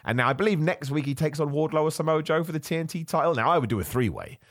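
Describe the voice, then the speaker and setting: A man hosting a podcast, ranting in animated casual chat, laughing often and nursing a cough. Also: a little high, fast talker, no room sound, clean studio sound. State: has a cough. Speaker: podcast host.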